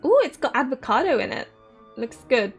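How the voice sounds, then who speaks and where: A woman in her thirties reads a visual novel aloud and reacts with frequent giggles. Her voice sits a little high, and soft game music plays behind her. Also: moderate pace, slightly rough. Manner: giggly, excitable. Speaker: game streamer.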